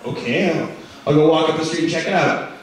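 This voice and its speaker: A young man doing stand-up, telling stories with animated delivery and loud shouted impressions. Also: on the high side, a little fast, a little hiss or hum. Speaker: stand-up comedian. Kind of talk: stand-up storytelling. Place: comedy club stage. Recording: roomy club sound from a distance with crowd laughter. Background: audience laughing.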